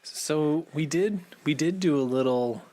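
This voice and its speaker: A man's voice: fairly high pitch, unhurried, mellow. A man co-hosting a podcast from a basement, chatting casually with a rambling manner and frequent laughs. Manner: rambling, laughs often, restarts phrases. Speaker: podcast co-host. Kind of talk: casual chat. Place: home basement.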